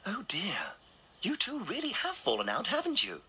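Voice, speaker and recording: A man voicing a friendly male piano in a children's cartoon, gentle and reciting sing-song rhymes. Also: high voice, wildly swooping pitch, normal speed, husky, full character voice. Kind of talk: children's TV voice acting.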